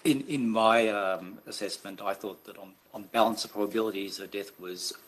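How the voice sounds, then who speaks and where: Deep-voiced halting Australian man. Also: steady tone, a bit bright, rough recording. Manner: halting, many restarts, measured. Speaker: expert medical witness. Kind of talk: formal testimony at an inquest.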